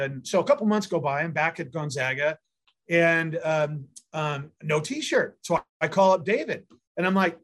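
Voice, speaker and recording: A man's voice: a little high, animated, normal speed. Rambling middle-aged man telling stories. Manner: rambling, many fillers and restarts. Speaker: guest, mayor and prosecutor candidate. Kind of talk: storytelling interview answers.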